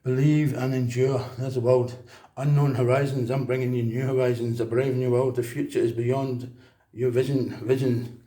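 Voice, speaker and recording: A man's voice: mid-range voice, little pitch movement, moderate pace, dark tone. Rambling man, roomy echo. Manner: rambling, emphatic, preachy monologue. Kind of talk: casual monologue.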